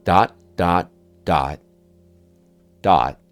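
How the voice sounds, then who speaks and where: A man's voice: low voice, very slow, faint music behind. A man streaming a video game who rambles in a goofy, joking way and talks to his chat. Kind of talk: casual game-stream chatter.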